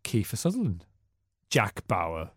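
A man, co-hosting a casual radio podcast with quick, jokey banter and frequent laughs. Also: fairly low pitch, wildly swooping pitch, husky, no room sound, studio quality. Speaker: co-host, journalist. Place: radio studio. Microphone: studio mic.

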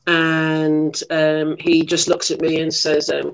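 A middle-aged woman, a lively, self-mocking actress telling stories in an interview. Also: deep voice, slow pace, low-quality recording. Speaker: actress guest. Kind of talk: anecdotal interview storytelling.

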